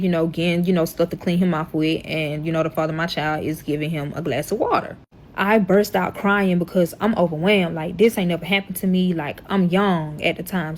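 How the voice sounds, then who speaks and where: Animated young woman telling a story. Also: medium pitch, slight background noise. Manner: animated, swearing, addresses viewers as y'all. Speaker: storyteller reacting to her own past. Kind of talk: casual storytime vlog.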